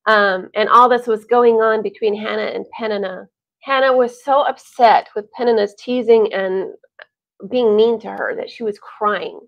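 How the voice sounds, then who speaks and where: A woman telling a Bible story to families, animated and chatty, with sighs and laughs. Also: mid-range voice, normal speed, creaky. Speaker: Bible teacher. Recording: dull lo-fi recording.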